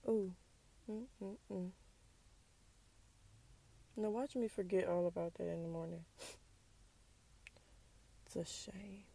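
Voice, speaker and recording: A woman's voice: mid-range voice, fairly even intonation, slow, vocal fry, long pauses, warm tone, slightly rough. A young adult woman talking candidly and with some sass in a casual personal monologue, sometimes dropping to a whisper for asides. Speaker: podcast host.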